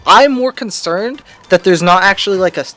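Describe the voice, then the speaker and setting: A man's voice: sits high, normal speed, a bit bright. Joking young man doing gameplay commentary. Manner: joking, rambling asides. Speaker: let's play host.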